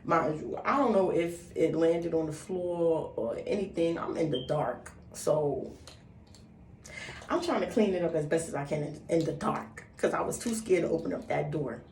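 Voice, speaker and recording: A woman's voice: sits low, normal speed. Woman telling a story in a roomy room. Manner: animated, profane, acts out quotes. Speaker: vlogger. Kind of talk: casual storytime. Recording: roomy, distant mic, faint background noise.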